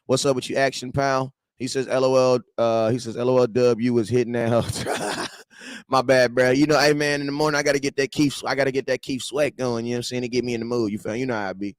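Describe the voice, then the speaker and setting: A man's voice: mid-range voice, fairly even intonation, fast, no echo. A man in his thirties hosting a casual livestream fan show, joking and bantering with viewers in slangy, repetitive talk.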